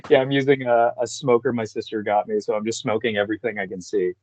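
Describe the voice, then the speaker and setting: A man's voice: lowish voice, fairly even intonation, fast talker, a little mellow. A man who works as a voice actor and actor, a guest chatting in an easygoing, laid-back way and laughing often. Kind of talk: casual interview chat.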